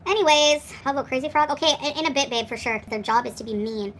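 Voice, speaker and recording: A woman in her forties rants on a livestream, talking fast with hardly any pauses in a high, fairly bright voice over a rough recording. Defiant and sarcastic, she answers the live chat as she goes.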